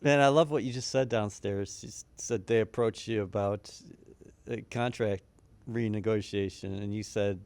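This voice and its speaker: A man's voice: fairly low pitch, fairly even intonation, normal speed, a little mellow, smooth, no echo. A male team interviewer asking long, framing questions in a conversational manner.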